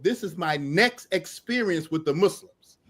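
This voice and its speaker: A middle-aged man telling a lively personal story as a podcast guest, laughing often and acting out the people in it. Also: high voice, unhurried. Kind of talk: animated storytelling.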